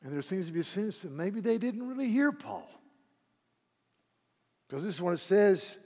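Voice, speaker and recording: Male pastor, higher-pitched, preaching with passion from hushed to loud in a long-reverb church. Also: expressive, moderate pace, pauses often. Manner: impassioned, swinging from hushed to loud; repeats words as he builds emphasis. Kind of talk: sermon. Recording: reverberant hall.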